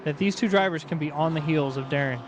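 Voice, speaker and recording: A man with a fairly high voice calls a sim race live, cracking jokes between updates. His talk is quick and playful. A steady hiss of noise sits behind him. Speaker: sim racing commentator. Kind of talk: live race commentary with banter.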